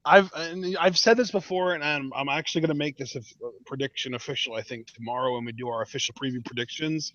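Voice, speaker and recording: A man's voice: mid-range voice, quick pace, hardly any pauses, a bit bright, dry recording. A man co-hosting a podcast in casual chat, talking things through analytically with frequent restarts. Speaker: podcast co-host. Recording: dull, dry lo-fi mic.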